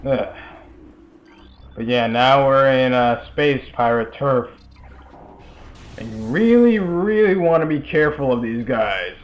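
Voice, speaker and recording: A man's voice: medium pitch, lively intonation, takes it slowly, pauses often, muffled recording. A young man giving casual, rambling commentary over a video game, full of chatty asides and fillers. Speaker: let's play commentator.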